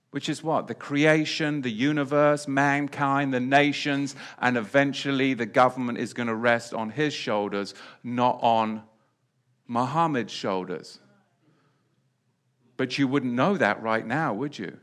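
A man preaching a sermon, repeating key phrases and swinging between loud declarations and quiet asides. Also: mid-range voice, a little slow.

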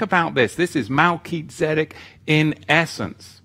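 A man's voice: mid-range voice, lively intonation, takes it slowly, long pauses, fairly bright tone. A man giving an earnest sermon-style teaching. He repeats key phrases and tells stories along the way. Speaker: Bible teacher.

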